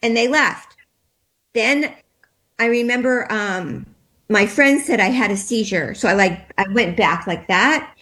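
A woman guest recounts a personal experience, her voice sitting a bit high. She is shaken and trembling as she talks. She stumbles and restarts often, leaning on fillers as she goes. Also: animated, sharp tone. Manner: halting, hesitant, many restarts and fillers. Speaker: interview guest.

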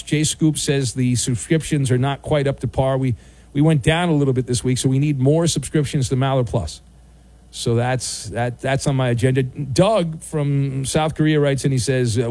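A man hosting a sports talk radio show from a studio, wry and bantering, with bursts of loud mock outrage. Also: medium pitch, normal speed. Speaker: radio host. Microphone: studio microphone.

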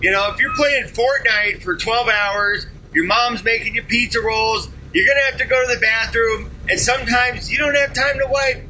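Male voice memo, very high and sharp, playful arguer, faint hiss. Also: moderate pace, hardly any pauses, low-quality recording. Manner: mock-argumentative, playful. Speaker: listener sending a recorded message. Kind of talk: jokey voice message.

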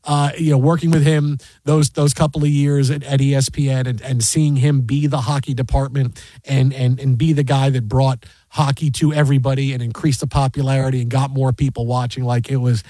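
A man hosting a sports radio show, telling a story in a rambling, animated way with many fillers and restarts, in a studio. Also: medium pitch, fairly quick, no echo. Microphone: studio mic.

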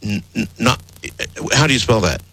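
Man, low voice, radio call-in host, probing questions, stumbles and restarts. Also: normal speed, vocal fry, a bit bright, slightly rough, rough recording. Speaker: radio talk show host.

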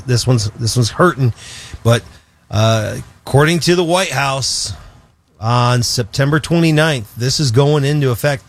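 Man, radio co-host, casual on-air chat, jokey, animated, quick restarts. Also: mid-range voice.

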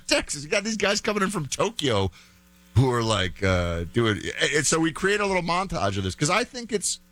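A man's voice: on the high side, big pitch swings, normal speed, a bit bright. A man hosting a talk show, giving chatty, opinionated commentary full of fillers and restarts.

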